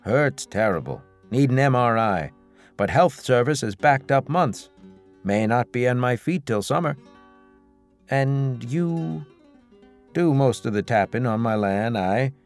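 A man voicing a gruff older maple farmer who grumbles and complains. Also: mid-range voice, expressive, measured pace, soft background music. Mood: grumbling.

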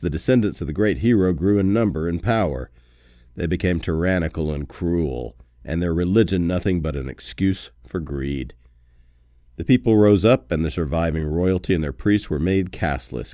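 Very deep-voiced male podcast host. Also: dark tone, no echo, clean studio sound. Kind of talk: scripted podcast narration.

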